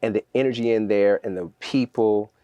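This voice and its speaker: Deep-voiced animated man telling stories. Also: a little fast, no echo, dull audio. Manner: energetic, animated storyteller acting out quotes. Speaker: guest, fitness trainer. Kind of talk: storytelling in a podcast interview.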